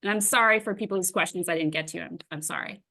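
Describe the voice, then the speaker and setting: A woman's voice: lowish voice, quick pace, creaky, sharp tone. A woman interviewing an author in a friendly, casual way. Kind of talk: casual conversation.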